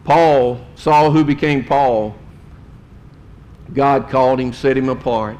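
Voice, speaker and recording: A middle-aged man preaching a sermon to his congregation, speaking emphatically and swelling louder and higher on key points. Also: fairly even intonation, slow. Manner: addresses the congregation directly. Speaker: pastor. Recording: long hall reverb.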